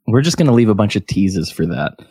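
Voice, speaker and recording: A man's voice: lowish voice, sing-song, fairly quick, warm tone, slightly rough, no room sound, studio quality. An American man co-hosting a podcast, rambling enthusiastically with lots of fillers. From United States. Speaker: podcast co-host. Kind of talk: casual chat.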